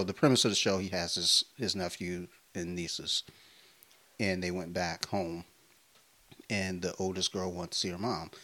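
Man, very deep voice, casual podcast chat, profane, animated storyteller. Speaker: podcast co-host.

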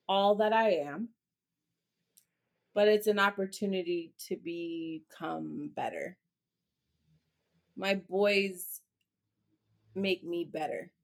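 An outspoken, expressive woman talks candidly as an interview guest, swearing casually as she goes. Her voice sits at a medium pitch.

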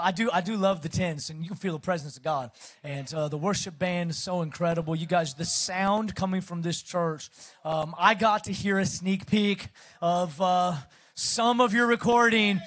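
A middle-aged man with a slight Southern accent speaks as a guest pastor, chatty and energetic. His voice sits notably high for a man, and he keeps the mood light with easy self-deprecating humor. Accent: Southern American, Texas. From Pacific Northwest of the US. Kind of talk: sermon introduction.

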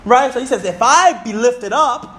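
A man in his thirties preaching a sermon in church, reading scripture slowly and calling out to the congregation. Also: extremely high pitch. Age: 30s. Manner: animated, reads scripture slowly and calls out to the congregation.

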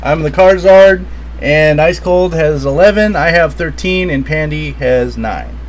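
A man reading out party game cards and keeping score in a casual, excitable, laughing way. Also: unhurried, slight background noise, low-quality recording. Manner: excitable, laughing, swings loud and high. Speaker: player.

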